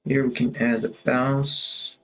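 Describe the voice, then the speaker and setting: A man's voice: medium pitch, flat delivery, takes it slowly, a bit bright, soft background music. A man casually thinking aloud as he walks through his animation work on a stream, musing and drifting a little, with a touch of self-amusement.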